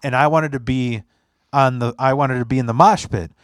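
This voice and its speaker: A young man hosts a podcast in a clear, resonant mid-range voice at normal speed, recorded in studio quality without echo. He tells stories casually and animatedly, acting out quotes and swearing often.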